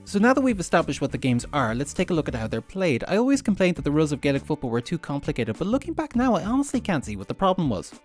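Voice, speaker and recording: A man's voice: fairly high pitch, wildly swooping pitch, fast talker, few pauses, soft background music. A man with a Limerick Irish accent hosting a comedic narrated vlog, dry, sardonic and profane. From Ireland. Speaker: host.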